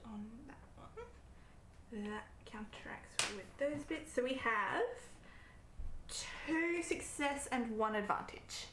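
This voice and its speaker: A woman's voice: fairly high pitch, lively intonation, slow, whispered. A woman playing a tabletop game, playful and giggly in casual chat. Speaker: player. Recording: echoey room.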